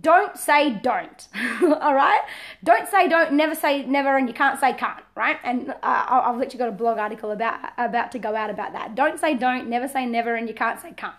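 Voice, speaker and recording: A woman, talking casually as a parenting coach, lively and repeating herself as she explains. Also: fairly high pitch, brisk. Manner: lively, repeats words and restarts, laughs often. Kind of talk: casual talk to camera.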